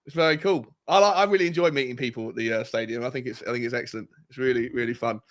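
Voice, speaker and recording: A young man co-hosting a football fan livestream, relaxed and upbeat, often restarting his sentences. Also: mid-range voice, rapid-fire. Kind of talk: casual chat.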